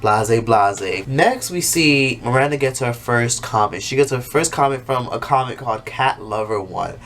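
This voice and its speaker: With lively intonation and a slightly bright, mid-range voice, a man recaps an episode at normal speed, loose and profane, like a YouTuber addressing his viewers. He repeatedly mimics the characters in exaggerated voices while a faint hum of room ambience sits underneath.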